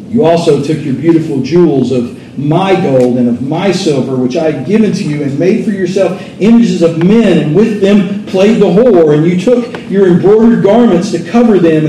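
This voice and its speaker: A fervent male preacher with a high, mellow voice. He reads scripture, then presses his listeners with rhetorical questions he answers himself. He sounds set back from the mic in a roomy, echoing space with a faint hum behind him. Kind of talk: sermon. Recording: roomy echo from a distant mic.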